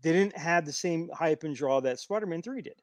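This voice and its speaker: A man's voice: a little high, lively intonation, normal speed, no echo. A man chatting casually about movies, stammering and repeating words as he goes.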